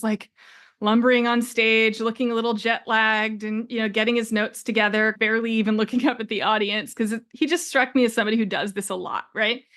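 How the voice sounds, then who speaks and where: A woman's voice: on the high side, fairly bright tone. A woman in her forties hosting a solo business podcast, telling a story in a chatty, conversational way with frequent laughs. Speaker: podcast host and business coach.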